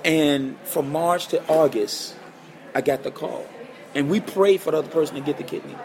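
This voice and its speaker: A man guitarist telling an emotional personal story as a guest, animated and repeating phrases for emphasis. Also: on the high side, moderate pace.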